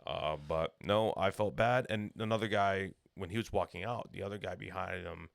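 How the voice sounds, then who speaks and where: A young man tells a rambling, jokey story in casual podcast banter. His voice sits low and gravelly. The sound is dry and close. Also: normal speed, no room sound. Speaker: podcast co-host.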